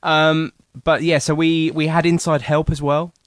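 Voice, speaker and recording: A man's voice: fairly high pitch, level tone, a little slow, clean tone, no room sound. Easygoing man guest, dry sound. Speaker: podcast guest. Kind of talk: casual chat.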